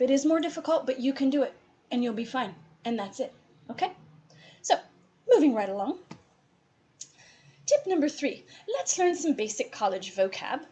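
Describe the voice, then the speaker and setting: A woman's voice: a little high, a little mellow. A woman from Appalachia with an Appalachian accent, giving chatty, encouraging advice to students in a presentation. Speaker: college advisor.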